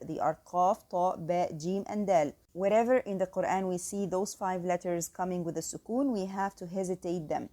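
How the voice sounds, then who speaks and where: A woman teaching tajweed in English, explaining each rule and then reciting the words slowly and carefully to show the right sounds. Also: lowish voice, mellow. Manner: slow, careful demonstration of Arabic sounds, counting out elongations. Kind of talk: tajweed lesson with recited examples.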